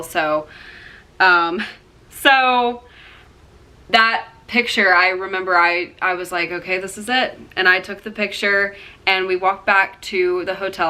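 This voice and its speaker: A young woman with a bright, clear-toned voice tells a personal story straight to the camera. She rambles and leans on "like" and "um". She acts out the other people's lines as she goes. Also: on the low side. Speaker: vlogger.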